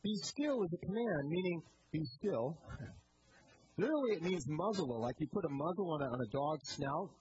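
High-voiced male pastor preaching. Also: normal speed. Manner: animated storytelling, rising to loud excitement; many repeated words and restarts. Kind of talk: sermon. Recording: dull lo-fi sound with faint noise.

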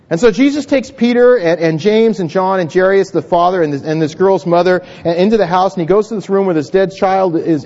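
A man with a high voice preaches to a congregation in a church hall. He talks conversationally, tripping over repeated words and restarting his sentences. The recording sounds dull and lo-fi. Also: darkish tone. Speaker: pastor. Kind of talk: sermon.

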